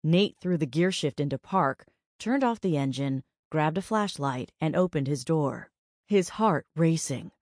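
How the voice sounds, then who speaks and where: A woman narrating an audiobook in a measured, even storytelling manner. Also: low voice, no echo, clean studio sound. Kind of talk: scripted narration.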